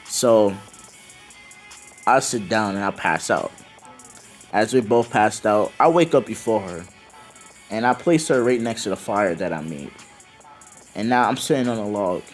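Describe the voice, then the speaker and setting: A man improvising a casual fan-fiction story in first person, loose and excited, swearing and acting out the dialogue with lots of fillers. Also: lowish voice, measured pace, long pauses, faint music behind.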